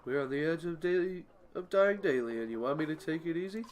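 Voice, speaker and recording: A man voicing a brash, scarred young warrior who talks low, sneering and dismissive, with game music behind. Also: fairly quick, a little hiss or hum, natural voice. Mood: resentful.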